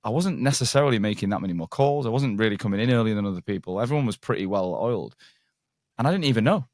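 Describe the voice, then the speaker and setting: A man's voice: on the low side, animated, racing, darkish tone, no room sound, clean studio sound. A man from England hosting a podcast, chatting casually and telling stories full of banter and swearing. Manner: swears freely, banter-heavy storytelling. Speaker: podcast host. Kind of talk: casual interview chat.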